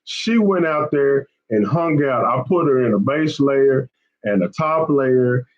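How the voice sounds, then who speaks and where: A man's voice: medium pitch, expressive, a little slow, lo-fi sound. A man hosting a fishing channel, chatting casually with viewers on a live stream. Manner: chatty, repetitive, often says man and y'all.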